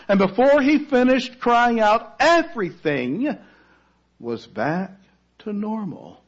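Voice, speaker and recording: A man preaching a sermon, telling a story dramatically, rising to loud cries and then falling to a near-hush. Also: very high voice, very animated, takes it slowly, muffled recording.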